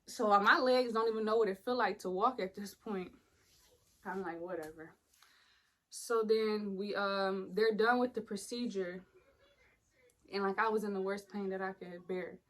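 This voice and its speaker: A woman's voice: mid-range voice, steady tone, normal speed, a bit bright, rough recording. A young woman, casually telling the story of a painful hospital stay, blunt and profane, acting out the other people in it.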